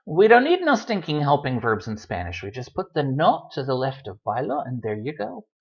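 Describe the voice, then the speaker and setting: Man as a relaxed, joking language tutor, lively pitch, dull lo-fi computer mic. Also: moderate pace. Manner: relaxed, chatty, with dry joking asides. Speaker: Spanish teacher. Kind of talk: recorded language lesson. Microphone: computer microphone.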